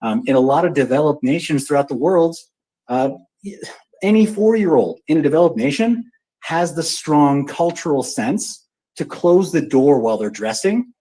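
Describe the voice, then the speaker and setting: A man hosting a casual live audio chat, joking and animated as he talks. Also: on the high side, breathy edge, poor audio. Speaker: show host.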